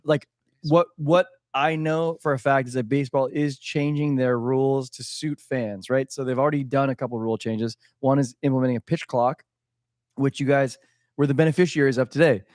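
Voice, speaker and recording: A man's voice: mid-range voice, steady tone, normal speed, darkish tone, no room sound, clean studio sound. A man co-hosting a casual live-streamed podcast, joking and swearing freely while he has the hiccups. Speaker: podcast co-host.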